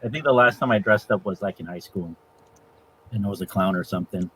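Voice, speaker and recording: A man in his forties with a low, husky voice talks casually and hesitantly, pausing often and chuckling. He speaks as a parent. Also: fairly bright tone, low-quality recording. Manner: hesitant, many ums, chuckles. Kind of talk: casual chat.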